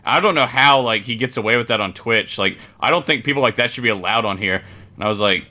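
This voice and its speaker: Young male co-host, bright tone, rambling self-deprecating storyteller. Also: medium pitch, animated, fairly quick. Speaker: podcast co-host. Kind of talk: casual chat, storytelling.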